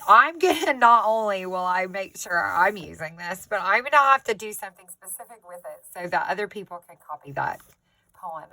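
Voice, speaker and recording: A woman's voice: lowish voice, bright, forceful tone, no room sound, poor audio. A woman crafter chatting casually as she shows off her book collection, gushing and giggling, recorded on a phone. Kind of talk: casual show-and-tell chat.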